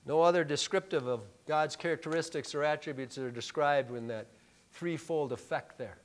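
High-voiced preacher swinging loud and soft. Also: male voice, moderate pace. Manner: emphatic, rhetorical questions, swings from hushed to loud. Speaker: pastor. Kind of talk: sermon.

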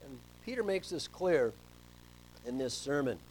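A middle-aged man preaching a sermon as pastor, telling stories and swinging between soft asides and loud emphasis. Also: medium pitch, expressive, measured pace, slight background noise, poor audio.

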